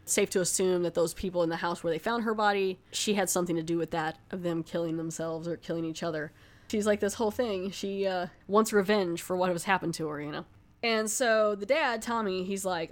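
A woman's voice: fairly low pitch, brisk. A woman casually retelling a horror film's plot as a movie reviewer, rambling and filling with "like" as she goes. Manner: rambling, filler-heavy storytelling with frequent "like". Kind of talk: casual spoken film recap.

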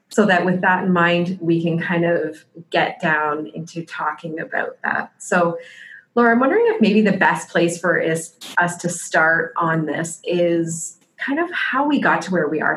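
A woman's voice: on the low side, a bit bright. A woman hosting a podcast interview, speaking in a friendly, explanatory way. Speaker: podcast host.

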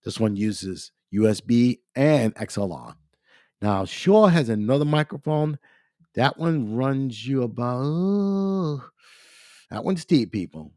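A man hosting a podcast, talking casually about equipment while congested and clearing his throat, often calling his listeners "ladies and gentlemen". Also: medium pitch, expressive, slow, no room sound, clean studio sound. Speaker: podcast host. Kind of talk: casual gear talk.

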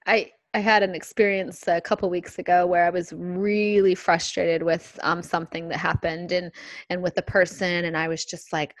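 A woman's voice: on the low side, flat delivery, moderate pace, no room sound. A woman co-hosting a podcast, telling a personal story in a casual faith talk, earnest and reflective with hesitant restarts. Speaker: podcast co-host.

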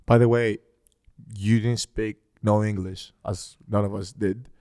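A man's voice: on the low side, steady tone, measured pace, darkish tone, no room sound, studio quality. A man in his thirties with a slight Greek accent, hosting a casual interview in a teasing, playful way with many restarts. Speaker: podcast host.

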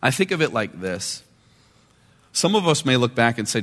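A man pastor giving a sermon, conversational, moving between quiet and emphatic delivery. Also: medium pitch, big pitch swings, moderate pace, long pauses. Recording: long reverb of a large hall.

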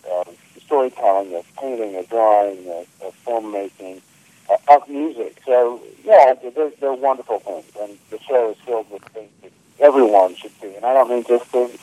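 Low-voiced man in his fifties. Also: no room sound, rough recording. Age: 50s. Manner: relaxed, friendly, explanatory. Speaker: museum curator. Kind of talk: phone interview guest. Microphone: phone.

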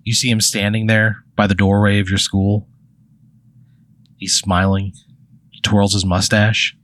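Deadpan man spinning an improvised tale. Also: on the low side, unhurried, rough recording. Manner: deadpan, heavy use of "like". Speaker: podcast co-host. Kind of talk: casual improvised storytelling.

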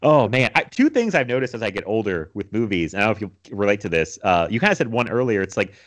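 A man's voice: lowish voice, very animated, fast. A man in his thirties chatting casually about movies as a podcast co-host, rambling with many fillers and frequent laughs.

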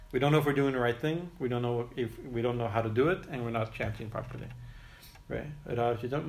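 A man's voice: mid-range voice, gravelly. Man musing over prayers with chuckles. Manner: rambling, full of restarts and "you know", chuckles often. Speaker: spiritual teacher. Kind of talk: informal talk explaining prayers.

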